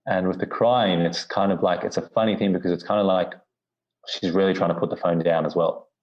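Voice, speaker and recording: A man with a low, darkish voice speaks a little fast and steadily while being interviewed as a podcast guest. His reflective personal story rambles, filled with "you know" and restarts. It's recorded in dull, lo-fi quality.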